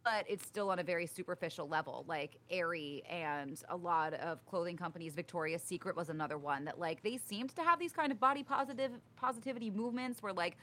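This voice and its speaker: A woman's voice: fairly low pitch, a little fast, few pauses, bright, forceful tone. A young woman co-hosting a podcast in casual chat, talking with many fillers. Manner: chatty, uses many fillers like "like" and "um". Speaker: podcast co-host.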